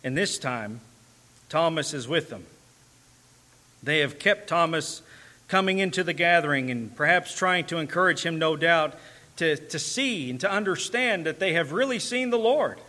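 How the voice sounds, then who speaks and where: Male preacher, earnest sermon delivery, bright, slightly high voice. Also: animated, moderate pace. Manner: earnest, rising to emphatic and tender passages.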